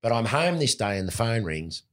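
A man in his sixties with an Australian accent, a former cricketer telling lively anecdotes in an interview. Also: medium pitch, normal speed. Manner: animated anecdotes, mimics voices in quotes. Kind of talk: storytelling interview.

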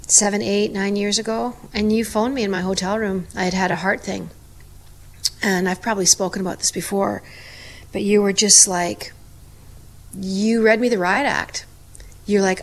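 A woman with a mid-range voice speaks at a moderate pace while co-hosting a podcast. Chatting casually, she tells stories with animation and acts out what other people said.

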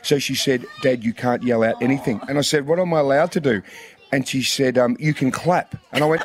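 A man's voice: medium pitch, fairly quick. A man with an Australian accent co-hosting a breakfast radio show, telling a story in chatty banter. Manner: chatty storyteller, mimics his daughter.

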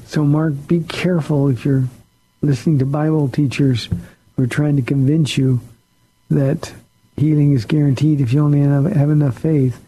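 Earnest pastor guy on a call-in radio show, husky voice, pitched a bit high. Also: fairly even intonation, normal speed, mellow, rough recording. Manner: earnest, plain-spoken, conversational. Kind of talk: radio Q&A answering listener questions.

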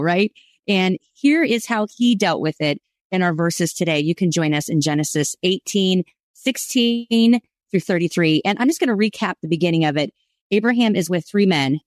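A woman's voice: fairly low pitch, dry recording, clean studio sound. Enthusiastic woman teaching scripture. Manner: enthusiastic, explanatory. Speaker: co-host. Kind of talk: Bible study podcast teaching.

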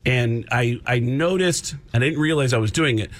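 A man's voice: mid-range voice, normal speed. A man guest on a radio show, a comedian and voice actor, telling stories with energy and slipping into other people's voices. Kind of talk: animated storytelling on a radio show. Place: radio studio.

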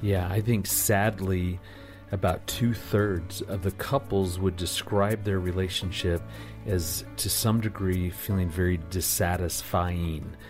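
A man with a very deep voice explains things in a measured, reassuring way as an expert guest. A faint music bed plays beneath him. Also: steady tone, darkish tone. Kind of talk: radio talk segment.

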